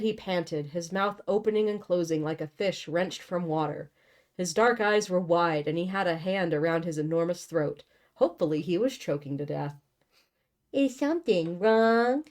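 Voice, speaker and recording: A young woman reads a novel aloud and keeps stopping to mock it, blunt and sarcastic, with casual swearing. Her voice sits somewhat low. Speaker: host reading a novel aloud. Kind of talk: book reading with sarcastic commentary.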